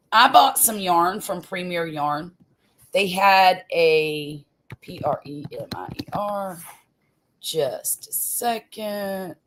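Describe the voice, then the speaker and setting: A grandmother in her fifties talks her way through a home live stream, unhurried and rambling. Her voice sits a little low, and she drawls along at an easy, slow pace, dropping fillers and laughing often. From US Gulf Coast. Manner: chatty, homey, laughs easily, trails off with fillers. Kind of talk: casual live-stream chat. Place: home room.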